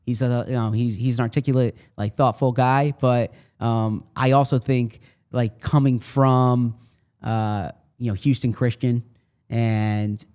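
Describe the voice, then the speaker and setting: A man's voice: mid-range voice, little pitch movement, unhurried, a little mellow, clear, resonant tone. A man co-hosting a casual sports podcast, talking in a rambling way with many restarts and fillers. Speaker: sports reporter co-host.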